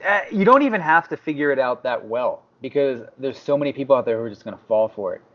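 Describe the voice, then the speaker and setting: This fast-talking man has a medium-pitched voice and co-hosts a podcast. He's an animated storyteller in casual conversation, acting out what others said, and the lo-fi audio sounds slightly dull.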